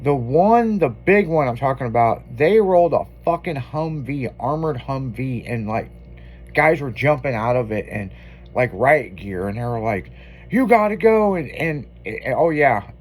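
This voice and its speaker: A male radio host spinning a rambling, profane story in casual banter. His voice sits in an ordinary middle pitch and he talks loosely, acting out bits of the tale as he goes. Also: animated, normal speed, husky.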